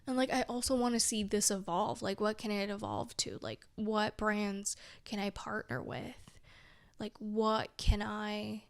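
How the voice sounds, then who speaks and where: In a casual confessional vlog, a young woman rambles candidly, leaning heavily on "like," trailing off and tossing in wry self-mocking asides. Her mid-range voice is creaky, fairly even in intonation and measured in pace, captured in a dry recording.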